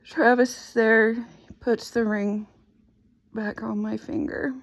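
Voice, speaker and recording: Slow-speaking woman telling a personal story. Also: fairly high pitch, level tone. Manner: slow, halting, emotional retelling. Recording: dull lo-fi recording.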